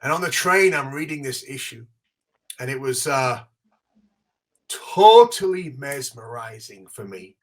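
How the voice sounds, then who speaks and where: A man from England, co-hosting a podcast and telling a nostalgic story in a casual, animated way. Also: mid-range voice, measured pace. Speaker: podcast co-host.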